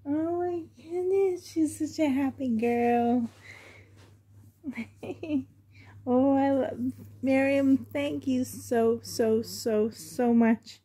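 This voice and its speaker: A woman with a gravelly, husky voice talks slowly through an unboxing vlog. Her tone is dark and mellow, and she often slips into soft, fond half-whispers as she gushes. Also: on the high side. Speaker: reborn doll collector.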